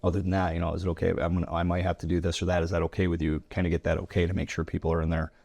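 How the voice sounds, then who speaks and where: Man co-host with a very deep voice, quick, chatty delivery. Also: monotone, gravelly, a little mellow. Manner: chatty, uses analogies, playful. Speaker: co-host, instructor. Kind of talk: casual podcast chat.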